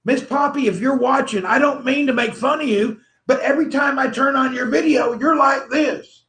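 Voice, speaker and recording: A man's voice: very high voice, brisk, fairly bright tone. A man hosting a livestream, rambling playfully and teasing his viewers, laughing often. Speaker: livestream host. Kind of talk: rambling joking livestream chat.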